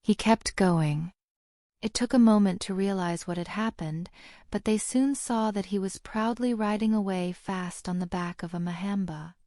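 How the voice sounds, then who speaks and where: A woman narrating a fantasy audiobook in a steady storytelling manner. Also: medium pitch, normal speed, dry recording, studio quality. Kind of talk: scripted narration.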